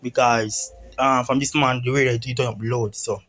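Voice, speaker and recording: A young man with a Jamaican accent, talking slowly and loosely to his viewers in patois. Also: medium pitch, steady tone, a bit bright. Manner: slow, laid-back patois talk. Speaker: vlogger. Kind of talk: casual vlog chat. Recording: music playing in the background.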